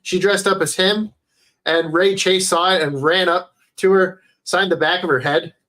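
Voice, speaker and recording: A man chatting casually on a livestream into a headset mic, rambling, swearing often and filling pauses with "uh". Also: sits high, fairly even intonation, pushed and bright. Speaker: streamer.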